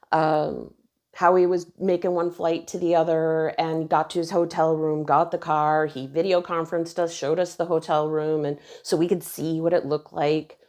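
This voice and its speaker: Low gravelly woman telling her story. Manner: earnest, emotional retelling, quoting others softly. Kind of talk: personal storytelling.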